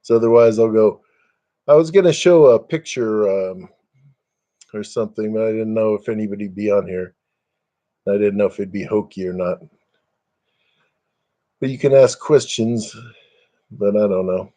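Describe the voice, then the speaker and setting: A man's voice: fairly low pitch, normal speed, long pauses, mellow. An older man chatting casually on a webcam live stream at home, rambling and self-deprecating, chuckling often.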